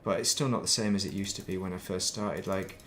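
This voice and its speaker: A middle-aged man with a softened northern English accent, chatting casually and rambling while streaming a game. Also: low-pitched, fast talker, slight background noise. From northern England. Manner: rambling, thinks aloud, laughs at himself. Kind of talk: casual chat while playing.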